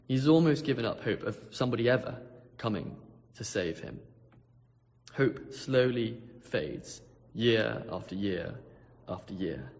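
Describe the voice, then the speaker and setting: A pastor preaching a sermon, telling a story vividly, swinging from hushed tones to loud ones. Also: male voice, mid-range voice, lively intonation, unhurried, creaky, long reverb tail.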